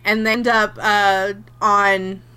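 A woman's voice: medium pitch, flat delivery, slow, pushed and bright, clear, resonant tone. A woman co-hosting a casual chat, retelling a film and acting out its characters' lines with laughs. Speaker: podcast co-host.

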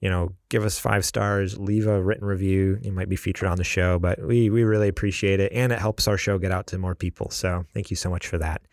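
Low-voiced laid-back podcast co-host man. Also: steady tone, a little fast, few pauses, no room sound, clean studio sound. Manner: laid-back, rambling with many fillers. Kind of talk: casual podcast chat.

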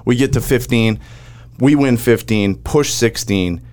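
A man in casual chat, animatedly recounting a match shot by shot. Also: mid-range voice. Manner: animated storyteller, rapid play-by-play recounting.

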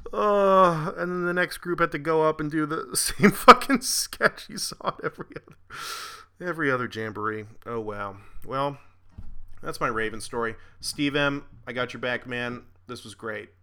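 A man's voice: a little high, normal speed, sharp tone, clean tone. A man hosting a podcast, telling a long rambling story with laughs, fillers and some swearing. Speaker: podcast host. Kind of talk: casual storytelling.

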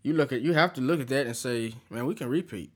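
A man's voice: mid-range voice, fast, husky. A man co-hosting a casual sports podcast, slangy and arguing his point. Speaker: podcast co-host.

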